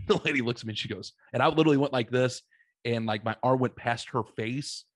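A man's voice: mid-range voice, fast talker, no echo. A man telling a funny story in casual chat, swearing freely and laughing as he goes.

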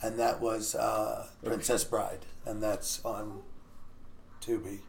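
A man's voice: lowish voice, little pitch movement, slow. A man co-hosting a casual movie podcast, telling a winding story about choosing a film and quoting his own thoughts along the way. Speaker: podcast co-host. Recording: clear background noise.

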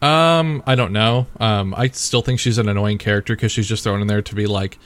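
A man's voice: lowish voice, fairly quick. A man co-hosting a casual gaming podcast, rambling with many fillers and mock quotes. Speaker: podcast co-host.

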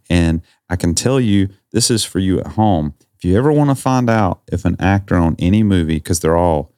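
Deep-voiced guy cracking jokes on a podcast, dry close mic. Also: mellow, no room sound. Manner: joking, riffs with silly voices. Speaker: podcast co-host. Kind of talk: casual chat.

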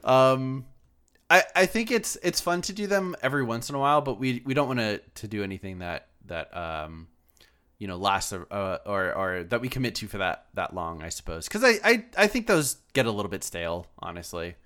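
A man co-hosting a casual gaming podcast, talking in a relaxed, halting way and often restarting his sentences. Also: on the low side, smooth. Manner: hesitant, lots of restarts and fillers. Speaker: podcast co-host.

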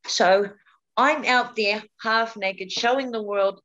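Through a muffled recording comes a slow, fairly high and rather bright female voice. She's a breast cancer survivor appearing as an interview guest, telling her own story openly in conversation and frequently repeating herself.

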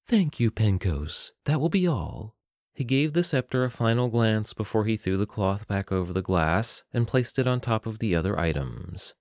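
A man narrating a fantasy story in a steady, measured reading. His voice is fairly low, and the recording is dry and close. The sound has no room echo.

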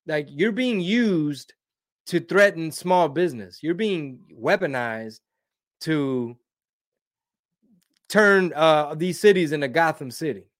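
A man's voice: on the high side, animated, takes it slowly, pauses often. A man hosting a casual live stream, reading viewer comments in a rambling, slangy way and dropping Spanish words.

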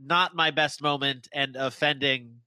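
A man from Florida co-hosting a sports podcast, rambling and self-deprecating, with halting restarts. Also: medium pitch, fairly even intonation. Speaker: podcast co-host. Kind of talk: casual sports podcast banter.

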